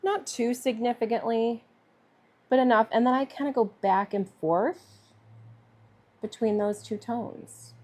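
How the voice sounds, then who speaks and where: A woman's voice: fairly high pitch, steady tone, unhurried, long pauses, darkish tone. A woman artist talking through a live painting demonstration in a chatty way, thinking aloud with fillers. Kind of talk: live-streamed painting demo.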